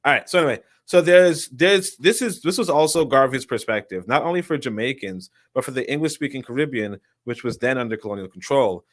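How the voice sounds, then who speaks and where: A man reads a book aloud at a halting pace, correcting himself and stopping for chatty asides. His voice sits at an ordinary middle pitch. The sound is dry and close to the mic. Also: expressive, no echo. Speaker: channel host reading a book aloud. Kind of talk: casual live reading with asides.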